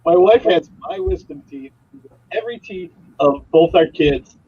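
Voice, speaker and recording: A husky-voiced man joking around in a casual chat, his pitch bouncing up and down as he talks. His voice sits a little high. The sound is dull and lo-fi. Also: measured pace. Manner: lively, joking.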